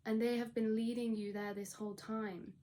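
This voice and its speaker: A woman's voice: a little high, flat delivery, moderate pace, mellow. A woman giving a general tarot reading as a rambling spoken monologue, acting out quoted thoughts with many restarts. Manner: rambling, storytelling with restarts and quoted inner voices. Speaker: tarot reader.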